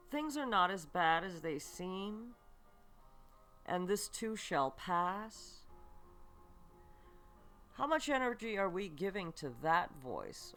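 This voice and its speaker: Slow, lively-voiced spiritual podcast woman. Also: lowish voice. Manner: slow and earnest, often checking in with "okay"; asks the listener repeated rhetorical questions. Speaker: podcast host and psychic reader. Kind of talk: spiritual self-help monologue.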